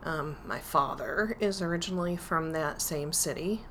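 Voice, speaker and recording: A woman from New York introducing herself in a friendly way, with brief pauses. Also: sits low, fairly bright tone, a little hiss or hum. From Lockport, New York. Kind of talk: casual self-introduction.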